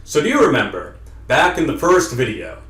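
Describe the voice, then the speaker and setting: A man's voice: on the high side, very animated, normal speed, fairly bright tone. A man giving an emphatic, lecturing explanation to camera as a self-improvement vlogger. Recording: roomy sound, distant from the mic.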